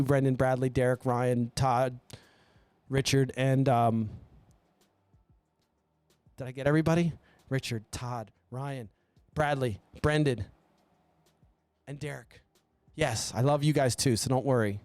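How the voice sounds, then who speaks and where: On his own podcast, a man with a medium-pitched, slightly mellow voice delivers a blunt, rambling solo rant with plenty of swearing. He speaks a little slowly and pauses often, recorded on a studio mic with no room sound.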